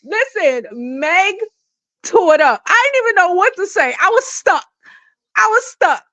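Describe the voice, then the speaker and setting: A woman in her forties from Brooklyn, gossiping in animated, laughing casual chat and swearing freely while cooking at home. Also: extremely high pitch, measured pace, no room sound, rough recording. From Brooklyn, New York. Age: 40s. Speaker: guest panelist. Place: home kitchen.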